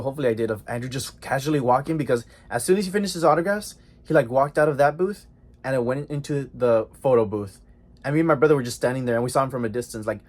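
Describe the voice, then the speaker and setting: A young man telling a story in a casual vlog, excited and chatty, with lots of slang and fillers, recorded indoors at home. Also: mid-range voice. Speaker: vlogger.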